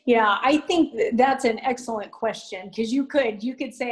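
Middle-aged woman, mom on a faith panel, earnest and encouraging, slightly higher voice. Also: animated, rough recording. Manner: earnest, encouraging, quick with asides. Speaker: youth ministry guest mom. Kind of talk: faith-based panel talk.

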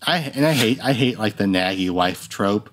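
A young man co-hosting a casual podcast chat, swearing freely and acting out film lines in a high put-on voice. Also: moderate pace, a little hiss or hum. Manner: animated, swears often, acts out quotes in high voices. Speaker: podcast co-host.

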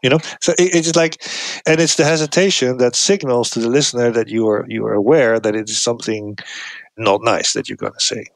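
A man talking as a podcast guest, explaining his research in a lively way, with frequent restarts and raised pitch when he acts out examples. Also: brisk, gravelly, no room sound. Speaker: podcast guest, cognitive scientist. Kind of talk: explanatory interview talk.

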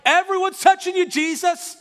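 A man's voice: very high voice, steady tone, normal speed, a bit bright, big-room sound, faint music behind, pitched above the performer's own voice. A man voicing an impatient, desperate middle-aged father, pleading urgently in the middle of a church sermon.

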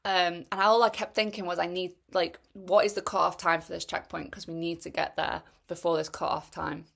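A young Englishwoman tells her race story in a chatty, self-mocking way, laughing as she goes. Her voice sits a little low for a woman. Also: flat delivery, a little fast, creaky, a bit bright. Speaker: ultrarunner recounting her race. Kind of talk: candid storytelling race review.

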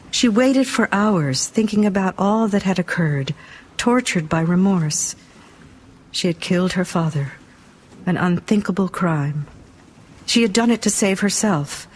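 Low-voiced woman reading a dark audiobook. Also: slightly rough. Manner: measured, dramatic reading. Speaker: audiobook narrator. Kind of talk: audiobook narration.

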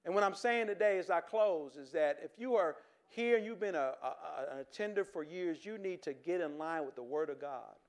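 Pastor guy preaching, high voice, chatty, stumbles and restarts a lot. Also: animated, moderate pace, few pauses. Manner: conversational, with stammered restarts and chuckles, shifting from joking to earnest. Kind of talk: sermon.

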